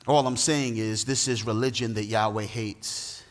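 A man's voice: fairly low pitch, steady tone, unhurried. A man preaching a sermon as pastor, emphatic and half-singing his phrases, recorded in a large church hall. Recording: long hall reverb.

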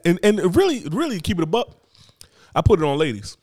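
Brief: male co-host, lively, profane comic banter, dry studio sound. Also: high voice, a little fast, dry recording. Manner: animated, profane, acts out voices. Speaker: podcast co-host. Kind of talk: casual comedic chat. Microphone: studio mic, close.

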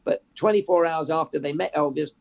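A man, a journalist guest telling animated anecdotes in an interview. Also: on the high side, a little fast, gravelly. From England. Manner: animated, anecdotal, repeats words as he builds. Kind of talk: interview storytelling.

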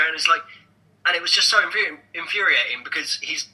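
A young man co-hosting a podcast, talking casually and rambling with lots of restarts and animated asides. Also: a little high, quick pace, low-quality recording. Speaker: podcast co-host.

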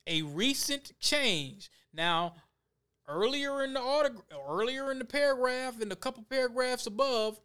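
A man's voice: extremely high pitch, moderate pace, a bit bright, smooth. A man reading news aloud and breaking in with heated, emphatic, repetitive commentary to his viewers. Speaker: commentary vlogger.

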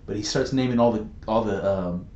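A man co-hosting a casual podcast chat, rambling and animated, laughing easily as he tells stories. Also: lowish voice, fairly quick, reverberant, muffled recording. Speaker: podcast co-host.

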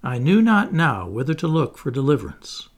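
A man reading a first-person memoir aloud in a measured, solemn way. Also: medium pitch, sing-song. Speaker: audiobook reader.

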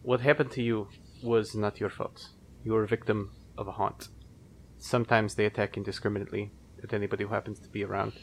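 A man voicing a calm, grave male adventurer who explains things in a measured way. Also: fairly low pitch, a little hiss or hum, lightly acted.

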